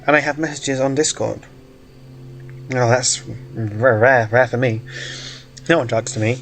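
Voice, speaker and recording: A man's voice: medium pitch, steady tone, measured pace, fairly bright tone, soft background music. Man reading a story with joking asides. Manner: joking, self-interrupting, stumbles and hiccups. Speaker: reader of a story game. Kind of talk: casual read-aloud with asides.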